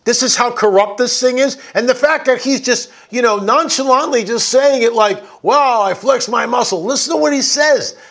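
A man's voice: very high-pitched, moderate pace, hardly any pauses, a bit bright. A man giving an indignant, emphatic political commentary over video clips.

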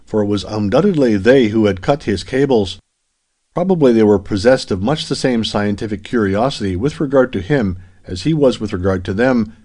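A man narrating an audiobook in a steady, even reading style. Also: on the low side.

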